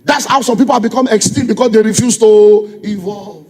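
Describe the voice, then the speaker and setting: A man's voice: high voice, fairly quick, darkish tone, breathy edge. A middle-aged man with a Nigerian accent, preaching a sermon as a pastor, firing repeated rhetorical questions at his congregation. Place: church. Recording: long reverb of a church hall.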